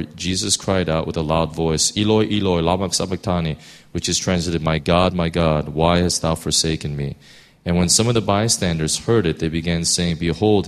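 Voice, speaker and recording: A man preaching who reads a long scripture passage aloud, then talks it over in a halting way with many fillers and restarts. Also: low-pitched. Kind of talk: scripture reading then sermon.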